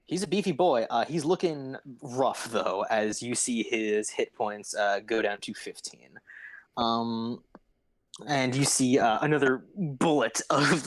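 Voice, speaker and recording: A man running a tabletop game as game master, narrating slowly with many fillers and tallying dice aloud. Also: mid-range voice, dry recording, poor audio.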